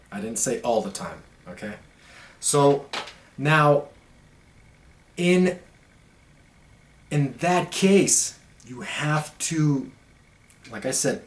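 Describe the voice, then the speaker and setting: A young man talking blunt, profane and emphatic in a casual monologue as a podcast host. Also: mid-range voice. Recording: echoey room.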